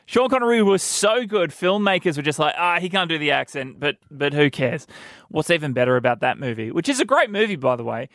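A man hosting a comedy radio show, wisecracking with quick delivery. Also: fairly high pitch, expressive, a bit bright, dry recording. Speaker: radio host. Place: radio studio.

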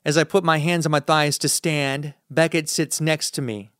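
A man's voice: a little high, fairly even intonation, normal speed, few pauses, fairly bright tone, clear, resonant tone, no echo, studio quality. Man narrating a tense audiobook. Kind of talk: scripted first-person audiobook narration.

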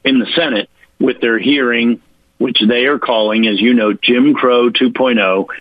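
A man from Virginia makes his case on a talk radio show, pressing each point hard and slowing down to spell things out. The sound is dull and muffled like a radio line, and the room is dry. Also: medium pitch, steady tone, no echo. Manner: emphatic, mocking quoted voices, spells points out slowly. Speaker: political guest. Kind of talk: radio interview, argumentative explaining.

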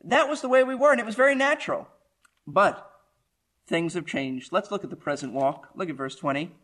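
Bright-voiced man preaching a sermon. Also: high-pitched, lively intonation, fairly quick. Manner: emphatic, rising and falling preaching delivery. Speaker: pastor. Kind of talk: verse-by-verse sermon.

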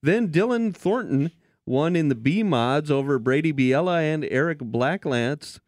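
A man hosting a racing talk show, reading race results in a steady, scripted way. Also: on the high side, a little slow, no echo, studio quality.

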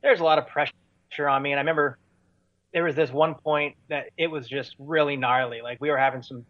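Chatty man, slightly high, dull dry sound. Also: fairly even intonation, a little fast, no room sound. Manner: rambling, many fillers and restarts. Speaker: touring musician guest. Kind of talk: casual storytelling in an interview.

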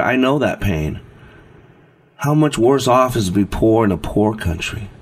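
Low-voiced, earnest man giving a motivational speech. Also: slightly rough. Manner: earnest, preacherly, slow emphatic phrasing. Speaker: motivational speaker.

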